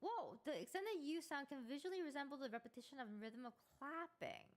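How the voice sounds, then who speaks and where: A woman with a high, bright-pitched voice streams live and chats casually. Her pitch leaps all over as she reacts with excitable energy, talking back to a chatbot. She keeps a loose, joking tone. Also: a little fast.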